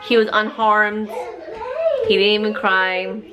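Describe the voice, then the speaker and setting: A woman, a mother, telling a lively casual vlog story at home to a handheld camera, adding playful sound effects. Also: medium pitch, slow, over music. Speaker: vlogger and mother.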